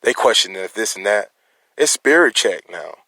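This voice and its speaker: A man's voice: on the low side, animated, moderate pace, pushed and bright, no echo. Man rambling with stammered restarts. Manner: confrontational, challenging listeners. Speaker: concerned citizen. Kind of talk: emotional personal monologue.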